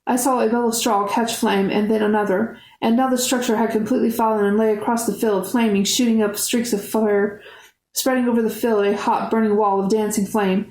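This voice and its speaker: A woman reading a novel aloud in steady first-person narration. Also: fairly high pitch, fairly quick. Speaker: audiobook reader. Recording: roomy echo.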